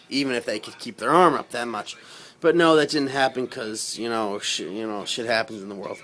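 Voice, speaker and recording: A man's voice: mid-range voice, fairly quick. Rambling man telling a wild story. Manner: rambling, swearing, rising loud when quoting himself. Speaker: storyteller recounting a personal experience. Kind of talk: casual spoken storytelling.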